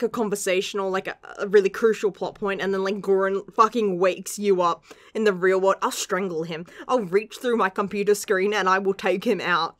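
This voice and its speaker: A woman's voice: medium pitch, no echo. A young woman gushing through a casual manga chapter review, laughing often and swearing casually.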